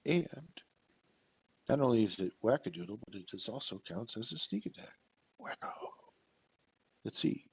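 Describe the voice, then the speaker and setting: A man's voice: lowish voice, expressive, fairly quick, vocal fry, husky. A man playing in an online tabletop game, playful and talking through his moves. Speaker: player. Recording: dull, lo-fi voice chat.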